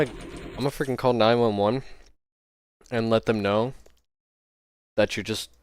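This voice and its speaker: A man streaming a game, rambling aloud and teasing his chat in casual banter. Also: on the low side. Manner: rambling, thinking aloud while playing. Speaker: gaming livestreamer. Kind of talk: casual gameplay livestream chat.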